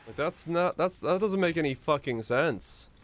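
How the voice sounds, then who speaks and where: A man's voice: fairly high pitch, normal speed, faint music behind. A man streaming a video game, chatting casually with viewers and ranting with lots of swearing. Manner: profane, animated ranting with bursts of laughter. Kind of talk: casual live-stream chat.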